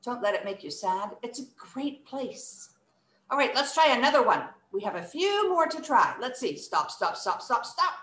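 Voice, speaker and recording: This is an online poetry-reciting class for children, led by a woman in her thirties with a fairly high voice and a moderate pace. Animated throughout, she acts out feelings vocally, recorded in an echoey space.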